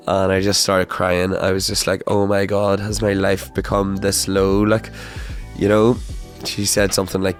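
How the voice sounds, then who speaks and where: Rambling, swearing man. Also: low-pitched. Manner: rambling, swears often, many fillers and restarts. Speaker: podcast host. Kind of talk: casual storytelling monologue.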